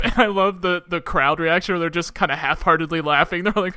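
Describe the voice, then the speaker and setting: A man co-hosting a film podcast in casual chat, laughing often and acting out quick quotes from scenes. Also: sits high, sharp tone, no echo, clean studio sound. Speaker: podcast co-host.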